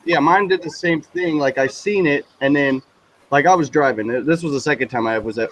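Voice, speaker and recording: Guy with a slightly high voice hyped up telling his story, cursing, doing everyone's voices, faint noise behind. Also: a little fast, poor audio. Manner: animated, profane, mimics voices in the story. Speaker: guest.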